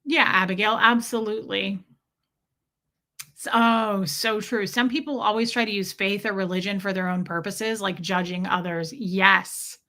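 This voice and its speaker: A woman hosting a casual livestream, chatty and animated, answering viewers by name. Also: mid-range voice, normal speed. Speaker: livestream host reading chat.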